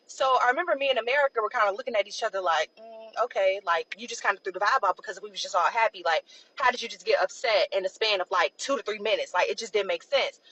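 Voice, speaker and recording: A young woman casually telling a personal story, loose and chatty, full of "like" and quick asides. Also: mid-range voice, fairly bright tone, lo-fi sound, a little hiss or hum. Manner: chatty, loose, peppered with "like" and "blah, blah".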